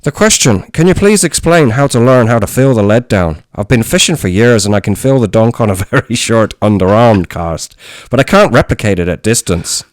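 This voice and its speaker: A man's voice: lowish voice, expressive, normal speed, hardly any pauses, dry recording, natural voice. A man reading a listener's question in a put-on Irish accent, voicing a cheerful male angler in a playful, exaggerated way. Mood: jovial.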